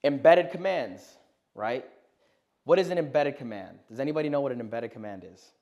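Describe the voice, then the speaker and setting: Energetic man coaching a sales class. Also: medium pitch, a little fast, dull audio. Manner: energetic, emphatic, peppers lines with "right?". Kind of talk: teaching a live sales class.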